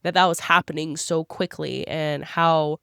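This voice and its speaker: A woman in easygoing podcast chat, her voice sitting on the lower side and lively as she jumps into little character voices. The sound is dry and close, with no room around it. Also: vocal fry, smooth, no room sound. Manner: animated, acts out characters' lines in quick voices. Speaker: podcast co-host. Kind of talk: casual book club chat.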